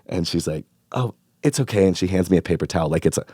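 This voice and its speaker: A man from Northern California telling a long, animated, profane story in casual chat, acting out the voices of the people in it. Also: sits low, racing, dry recording, clean studio sound. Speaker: podcast guest.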